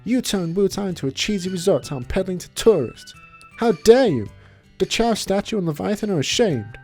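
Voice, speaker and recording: A whiny, scornful teenage girl ninja, as a male gamer puts her on in a high squeaky voice. She talks back sharply and sounds fed up with everything. It is goofy let's play voice acting over game music. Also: expressive, moderate pace, mellow. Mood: defiant. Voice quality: high put-on girlish voice.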